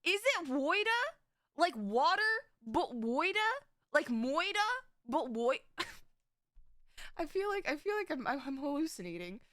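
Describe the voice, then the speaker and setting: A woman's voice: high-pitched, big pitch swings, unhurried, pauses often, a bit bright, dry recording, studio quality. A young woman streamer chatting with her live audience, rambling and giggling, often stopping to correct herself. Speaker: VTuber streamer. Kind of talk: casual live-stream chat.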